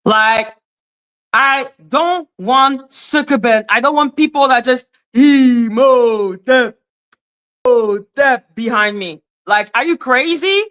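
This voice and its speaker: Woman, casual stream host, raised pitch, sharp bright tone, profane and scolding. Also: slow pace. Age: adult, former high school teacher. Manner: blunt, profane and sassy, scolding the chat; big swings between high exclaims and low asides. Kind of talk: casual live-stream commentary.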